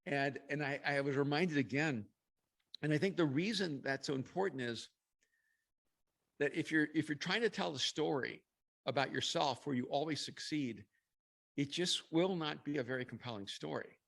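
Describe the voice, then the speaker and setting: A man's voice: fairly high pitch, normal speed, gravelly, fairly bright tone. A middle-aged man, a podcast guest, telling a long personal story in an interview, reflective and laughing now and then between phrases.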